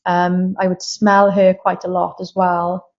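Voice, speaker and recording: A woman's voice: fairly low pitch, completely flat delivery, unhurried, darkish tone. A woman in her thirties, a guest medium, telling candid and emotional personal stories in a casual interview. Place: castle room, filmed live. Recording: slightly dull lo-fi sound.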